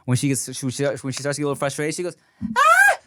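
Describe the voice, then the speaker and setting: A man in his thirties hosts a podcast, rambling through profane anecdotes in an easy, casual way. His voice sits at a middling pitch and sounds close and dry, with no room around it. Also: steady tone, dry recording. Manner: loose, profane storytelling with quick asides. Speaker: podcast host.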